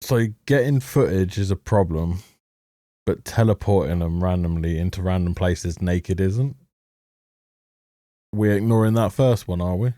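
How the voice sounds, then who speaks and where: A man's voice: deep voice, unhurried, warm tone, no room sound, clean studio sound. A man ranting sarcastically about a show as a reviewer, swearing heavily and breaking into mocking laughs. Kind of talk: ranting commentary over a show.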